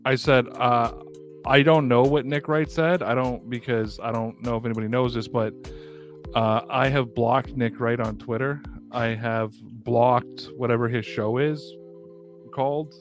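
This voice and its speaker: A man's voice: mid-range voice, fairly even intonation, measured pace, faint music behind. Profane, heated male podcast host. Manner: profane, heated, emphatic ranting. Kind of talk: casual sports podcast rant.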